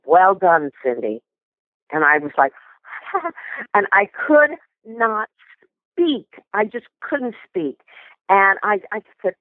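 An older woman, a guest in an interview, tells lively anecdotes and often restarts her sentences. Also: fairly low pitch, no room sound. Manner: animated anecdotes with many restarts. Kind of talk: storytelling interview. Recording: tinny phone line.

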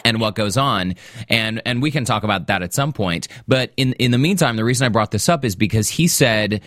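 A man's voice: fairly low pitch, dry recording, studio quality. Chatty man recapping a TV show. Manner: animated, laughs easily, acts out quoted lines. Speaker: podcast co-host. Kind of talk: casual TV recap chat.

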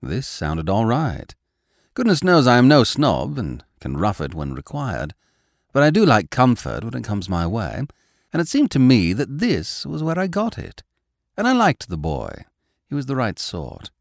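A man's voice: medium pitch, wildly swooping pitch, unhurried, vocal fry, no room sound, clean studio sound, full character voice. A man reading a storybook as a wry, easygoing male dog narrating his own tale. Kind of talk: audiobook narration.

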